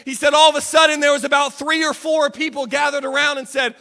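A man's voice: extremely high pitch, little pitch movement, quick pace, sharp tone, long reverb tail. A man preaching a sermon, telling a story dramatically. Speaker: pastor. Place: church sanctuary.

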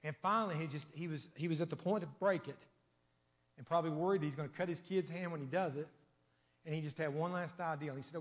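A man preaching a sermon in a church, with emphatic, rhythmic repetition that swings from loud declarations to hushed asides. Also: fairly high pitch, fast. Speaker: pastor. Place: church sanctuary. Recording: long church reverb.

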